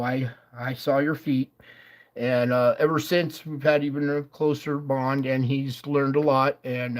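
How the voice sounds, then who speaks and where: A man on a livestream telling a personal story in a halting, rambling way, full of fillers and restarts. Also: medium pitch. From Nevada, USA. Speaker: livestream host.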